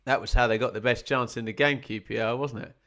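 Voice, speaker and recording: Man, watch-along football commentary, bright tone, chatty, wry asides. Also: mid-range voice, fast talker. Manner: chatty, wry asides, gets excited at chances.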